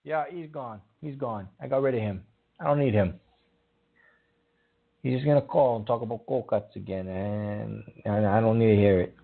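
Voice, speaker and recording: Gravelly, flustered call-in host. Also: male voice, fairly low pitch, moderate pace. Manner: flustered, stammering, easily riled. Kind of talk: call-in radio show hosting. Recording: tinny phone-like sound.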